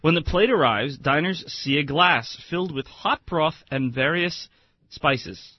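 Chatty talk radio host, dry muffled sound. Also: male voice, fairly high pitch, unhurried, slightly rough, no room sound. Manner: chatty, amused storyteller. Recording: dry, slightly muffled studio mic.

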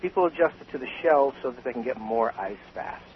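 An older man, a guest on a radio talk show, telling stories about bartending with animated emphasis. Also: medium pitch, fast. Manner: animated storyteller, emphatic with laughs. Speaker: guest, cocktail author and former bartender. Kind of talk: radio interview. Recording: slightly dull radio sound with faint hiss.

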